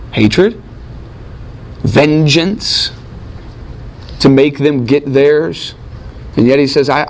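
A man with a high voice lectures to a class on a Gospel passage. He keeps asking the room questions and then answers them himself. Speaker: Bible teacher.

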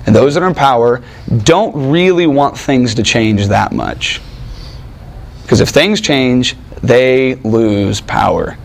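A man preaching a sermon in an animated, conversational way, with joking asides to the congregation. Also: medium pitch, gravelly. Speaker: pastor.

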